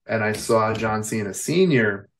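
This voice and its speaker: A man's voice: lowish voice, animated, measured pace, a bit bright. A man in his forties from the United States, a veteran wrestler telling rambling stories in an interview, with lots of "you know" and "like". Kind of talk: casual storytelling interview.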